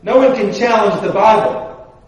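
A man's voice: high-pitched, moderate pace. A man preaching a sermon in a church in a conversational way, with many restarts and rhetorical questions to the congregation. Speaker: pastor. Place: church sanctuary. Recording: very echoey room from far off.

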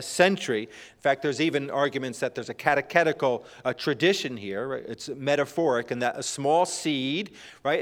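A male preacher reading scripture and explaining it in a sermon, halting with frequent "uh", rising when he quotes and dropping low at the ends of phrases. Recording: long hall reverb.

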